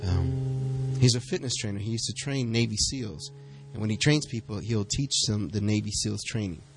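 A middle-aged man preaching a sermon, telling a story with lively back-and-forth dialogue. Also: on the low side, normal speed, music in the background. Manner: storytelling, animated, acts out quoted exchanges. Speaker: pastor.

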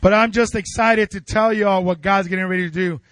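Fervent high-voiced male preacher. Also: fairly even intonation, fairly quick, a bit bright, no echo. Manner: fervent, call-and-response with congregation. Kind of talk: sermon. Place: church.

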